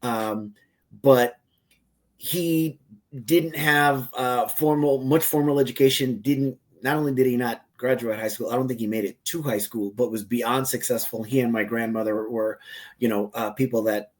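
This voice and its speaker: A man's voice: medium pitch, fairly even intonation, normal speed. Reflective male podcast host. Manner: reflective, chatty asides. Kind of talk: podcast interview.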